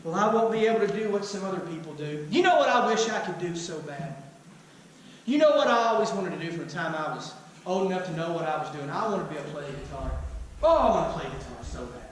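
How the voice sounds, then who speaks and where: A man's voice: on the high side, expressive, fast talker. Man, pastor, sermon, rhetorical questions, echoey sanctuary, faint room noise. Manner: preaching with rhetorical questions and humor. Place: church sanctuary. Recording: echoey hall, mic at a distance.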